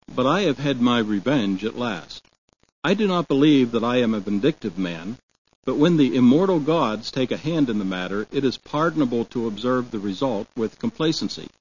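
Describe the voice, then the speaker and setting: A man reading a story aloud in a measured, deliberate way. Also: mid-range voice, darkish tone, husky. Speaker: narrator and vocabulary reader. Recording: dull lo-fi recording.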